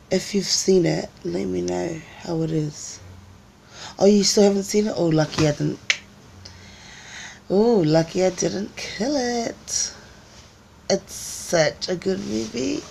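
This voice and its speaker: A woman vlogger talking casually to her live viewers in a low, gravelly voice. She tells stories with lots of acted-out voices, and a faint noise sits behind her. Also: a little mellow. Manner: chatty storyteller, acts out voices, laughs often. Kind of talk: casual live-stream chat.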